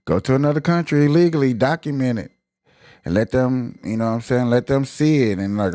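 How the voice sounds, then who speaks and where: A man's voice: mid-range voice, normal speed, a little mellow, no echo. A man hosting a live stream, ranting in emphatic, colloquial casual commentary.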